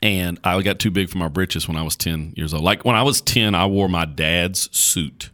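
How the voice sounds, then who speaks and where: A low-voiced man talks at a normal speed on a casual podcast. He's a pastor spinning stories in a folksy, animated way, full of fillers and restarts.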